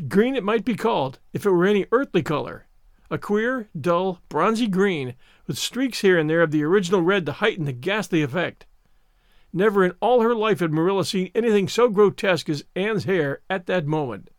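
A man reads storybook narration in a measured, expressive way. His voice sits high and moves with lively inflection. The recording is close and dry. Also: no room sound. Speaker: audiobook narrator.

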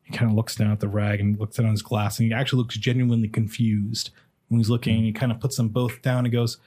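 Husky-voiced man running a tabletop game. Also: fairly low pitch, flat delivery, dark tone. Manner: halting, lots of fillers. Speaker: game master.

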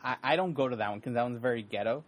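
A man's voice: medium pitch, very fast. This is a man from California in a casual chat with a co-host. He talks in an easygoing, friendly way and laughs often between thoughts.

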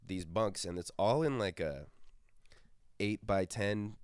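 A young man with a fairly low voice tells stories in relaxed podcast chat. He laughs often and bursts into loud impressions when quoting. The sound is dry and close. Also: takes it slowly, smooth, no room sound. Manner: laughs often, acts out quotes loudly. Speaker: podcast host. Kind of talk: casual storytelling chat.

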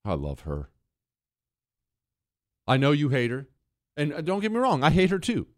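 A male talk radio host delivers a sarcastic, ranting monologue. His pitch swings widely, and his voice sits close and dry on the mic. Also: wildly swooping pitch, normal speed, dry recording.

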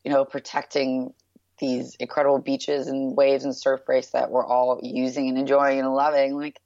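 A woman in her thirties from New York with a strikingly deep, low voice chats about her work as an interview guest. She is upbeat and loose, with lots of "like" and "um" fillers. The recording is dull and lo-fi, with a dry, close sound. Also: little pitch movement, normal speed, darkish tone, dry recording. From New York, USA. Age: 30s. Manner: chatty and upbeat, with many "like" and "um" fillers. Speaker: guest, brand founder. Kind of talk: casual interview chat.

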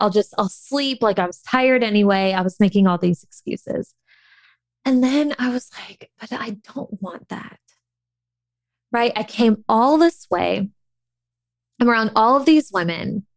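A woman's voice: fairly high pitch, no room sound. Chatty woman telling a personal story. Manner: chatty, many fillers, acts out her own past thoughts.

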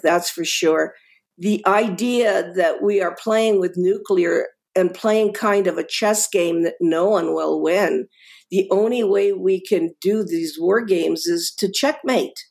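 A woman's voice: mid-range voice, a little mellow. A middle-aged woman, a guest author in a podcast interview, talking with passion and emphasis, often repeating words and restarting.

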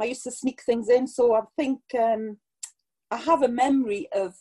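A woman's voice: on the high side, darkish tone. A Geordie woman in her sixties, a podcast guest reminiscing in a chatty, nostalgic way and laughing often. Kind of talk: casual conversational interview.

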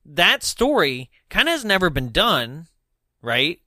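A man co-hosting a casual podcast chat, quick and jokey, laughing often. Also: fairly high pitch, very animated, pushed and bright, no echo, studio quality. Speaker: podcast co-host.

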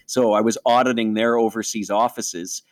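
A man in his forties, originally from Western New York, telling his own story in an interview. He speaks in a somewhat low voice, earnest and reflective. He often slips into his own past thoughts as he tells it. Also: steady tone, normal speed. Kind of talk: personal testimony in interview.

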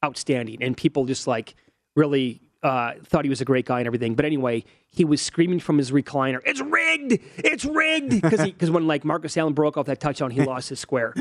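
A man in his forties talks fast in a steady, medium-pitched, darkish voice with no echo. Co-hosting a sports betting show, he works through odds and stats in casual chat, rattling them off analytically.

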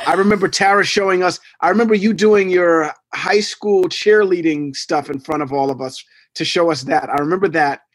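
A man's voice: high voice, moderate pace, hardly any pauses, a little hiss or hum. A man in his forties, a podcast co-host, telling a story in casual chat and acting out voices and sounds. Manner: animated, acts out voices and gunshot sounds.

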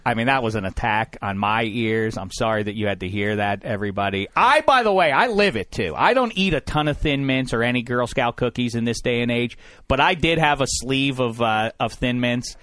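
Brief: lively male podcast host, theatrical, dry studio sound. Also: mid-range voice, brisk, few pauses, dry recording. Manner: animated, indignant, playfully theatrical. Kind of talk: casual podcast banter. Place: recording studio.

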